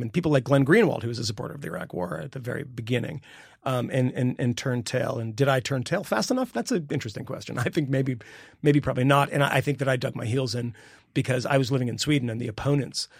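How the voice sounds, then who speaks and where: Brief: middle-aged male podcast co-host, gravelly fry in the voice, rambling and emphatic, dry close mic. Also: no room sound. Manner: rambling and emphatic, with sudden jumps in pitch. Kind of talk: casual political podcast chat.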